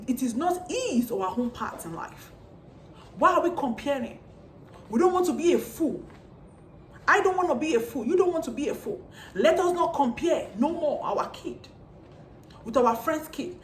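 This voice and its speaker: A woman with a high voice lectures parents straight to camera, firing the same pointed rhetorical questions again and again. The sound is roomy, with her voice echoing off bare walls. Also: slight background noise. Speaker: parenting vlogger. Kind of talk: preachy monologue to parents. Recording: echoey room.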